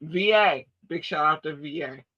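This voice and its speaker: A woman's voice: low voice, a little slow, pushed and bright, muffled recording. A woman from Baltimore with a Baltimore accent, podcast host in casual chat, talking in an emphatic, blunt and profane way. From Baltimore, USA.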